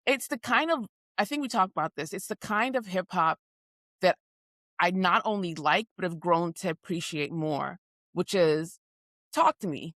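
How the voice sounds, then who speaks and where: A woman's voice: fairly low pitch, a bit bright, no echo, studio quality. Talkative woman, insistent podcast co-host. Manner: talkative and insistent, with quick restarts. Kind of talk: casual chat.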